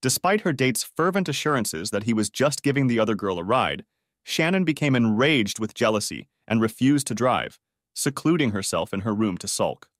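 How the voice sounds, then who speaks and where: A man narrating a scripted audiobook story with a lively storytelling delivery. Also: mid-range voice, moderate pace, dry recording, clean studio sound.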